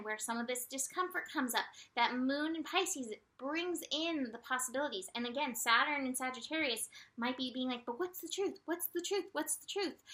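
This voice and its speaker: In a casual spiritual forecast, a woman with a high, bright voice walks through the day's astrology and tarot reading. She speaks gently and soothingly, punctuated by light laughter and animated quoted asides.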